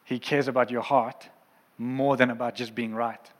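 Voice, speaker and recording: A man's voice: medium pitch, flat delivery, moderate pace, long reverb tail, poor audio. A man preaching a sermon as a pastor, earnest and impassioned, in a church auditorium.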